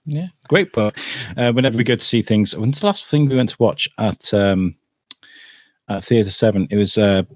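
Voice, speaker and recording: A man from Wales hosting a casual podcast, chatty and quick to laugh. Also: fairly low pitch, no room sound, clean studio sound. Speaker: podcast host.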